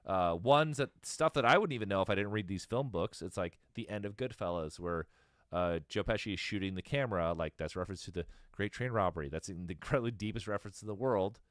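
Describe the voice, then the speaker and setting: A man's voice: fairly low pitch, no room sound, clean studio sound. A man in his thirties in casual chat as a podcast host, rambling, swearing and laughing easily. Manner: rambling, profane, quick to laugh.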